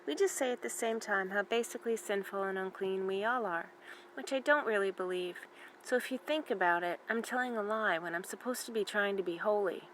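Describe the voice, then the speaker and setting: A woman's voice: mid-range voice, fairly quick, fairly bright tone, a little hiss or hum, lightly acted, low-quality recording. A woman reading as a chatty, curious teen girl.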